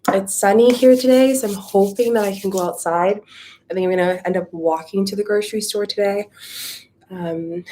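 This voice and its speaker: A woman's voice: mid-range voice, a little mellow. A woman hosting a live Q&A and chatting casually with viewers, out of breath, greeting them by name, with many likes and ums. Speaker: spiritual coach hosting a live Q&A. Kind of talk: casual livestream chat.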